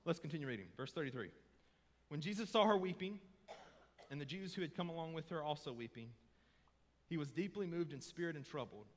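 Bright-voiced preacher in a reverberant church. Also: male voice, a little high, animated, a little fast, pauses often. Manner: conversational preaching, rising to impassioned emphasis. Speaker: pastor. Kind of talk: sermon. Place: church sanctuary. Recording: long hall reverb.

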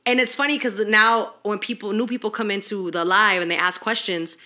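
A young woman with a medium-pitched voice talks a little fast as she hosts her podcast. She relates stories with lots of energy, dropping slang and swearing freely in relaxed conversation.

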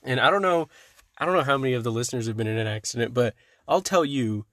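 A man's voice: mid-range voice, lively intonation, fast, fairly bright tone, dry recording. A young man co-hosting a podcast, telling a crude story and joking casually. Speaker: podcast co-host. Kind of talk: casual chat. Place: car.

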